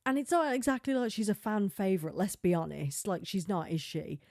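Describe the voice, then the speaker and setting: A woman hosting a solo podcast, chatting in a rambling way, full of filler words and quick laughs. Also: mid-range voice, darkish tone, no echo, studio quality. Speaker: podcast host. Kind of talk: casual solo podcast chat.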